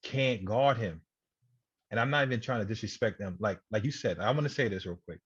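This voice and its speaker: A man co-hosting a podcast, talking basketball casually and backing the others up with quick agreements. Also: husky, no room sound. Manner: agreeable, backs others up with short affirmations. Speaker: podcast co-host. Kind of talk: casual sports debate. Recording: dull low-fi home podcast audio.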